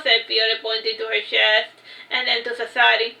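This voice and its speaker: A woman with a bright, slightly high voice reads her own fantasy book aloud, trips over words and goes back to fix them. The room around her is roomy and echoing. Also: level tone, normal speed, gravelly. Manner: unpolished reading with self-corrections. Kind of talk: storybook reading. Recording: roomy echo.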